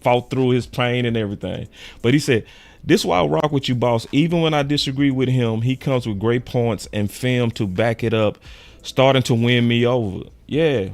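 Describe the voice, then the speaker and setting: A young man hosting a sports show in casual, animated chat, full of slang and quick laughs. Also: mid-range voice. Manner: animated, slangy, laughs often, quotes fans in raised voice.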